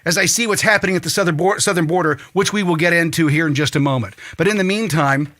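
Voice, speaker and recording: A man hosting a talk show, delivering an angry, profane political monologue that rises to shouting. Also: a little high, fast talker. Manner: ranting, swearing, rising to shouts.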